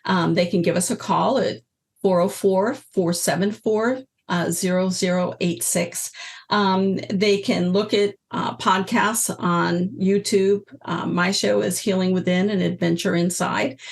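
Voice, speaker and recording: A woman's voice: fairly low pitch, measured pace, vocal fry. A woman in her sixties, a guest telling stories in a casual interview and acting out the voices she quotes. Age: 60s. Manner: animated storyteller, acts out quoted voices. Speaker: guest, energy healer and teacher.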